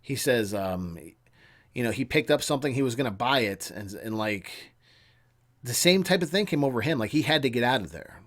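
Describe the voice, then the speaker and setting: A man in his thirties tells a personal story in an earnest, halting way, with an ordinary mid-range pitch. He often sinks into a hushed, low tone and then picks up again. His delivery is casual and unscripted. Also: animated. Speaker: channel host.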